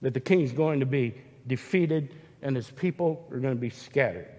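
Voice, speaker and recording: A man's voice: mid-range voice, moderate pace, darkish tone, in a large hall. A man preaching a sermon, emphatic and retelling scripture scenes with voices.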